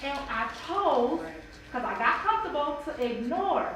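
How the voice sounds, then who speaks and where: A high-voiced woman tells an emotional, animated story to a church bible study group, acting out the voices of the people in it. She sounds far from the mic in a very echoey room with steady background noise. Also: moderate pace. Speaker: mother sharing in bible study. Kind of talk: personal testimony in a group discussion.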